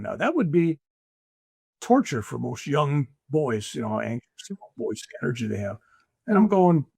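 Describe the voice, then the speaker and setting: A man's voice: mid-range voice, creaky, husky, no room sound, studio quality. An older man, a spiritual teacher, telling stories as a guest in a conversation, acting out the voices he quotes. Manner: animated storyteller, acts out quoted voices. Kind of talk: conversational storytelling.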